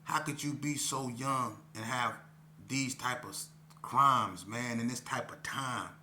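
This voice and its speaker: Middle-aged guy from vegas telling his story, bright punchy voice, rambling and earnest, keeps saying you know what i'm saying. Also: mid-range voice, measured pace, a little hiss or hum. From Las Vegas. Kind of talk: casual street storytelling.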